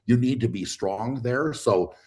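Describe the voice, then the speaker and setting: A guest athlete chats casually on a livestream, talking with ease in a mellow, middle-pitched voice. His speech is loose and halting, packed with fillers and restarts.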